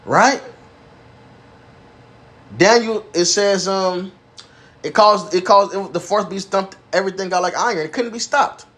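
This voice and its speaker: A man's voice: high voice, measured pace, long pauses, a bit bright. A man preaching, reading scripture aloud and explaining it in blunt, profane street slang. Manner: profane, emphatic, reads King James verses then explains in slang; acts out a bragging axe in a mocking voice.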